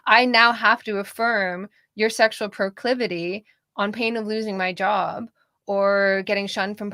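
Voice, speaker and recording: A woman co-hosting a political talk stream, chatting in an animated way with frequent laughter. Her voice carries a lot of vocal fry. The recording is dry and close. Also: mid-range voice, no room sound. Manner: animated, laughs while talking. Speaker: podcast co-host. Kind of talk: casual political discussion.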